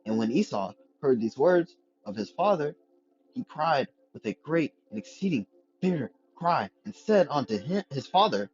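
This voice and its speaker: A man's voice: on the high side, very animated, soft background music. Man reading and preaching scripture, lo-fi. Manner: reads slowly with stumbles, then breaks into slangy commentary. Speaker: scripture teacher.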